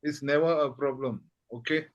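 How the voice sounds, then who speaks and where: A man's voice: mid-range voice, steady tone, normal speed, dull audio. A man teaching a language lesson patiently, checking understanding with frequent questions. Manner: patient, repeats "okay?" often.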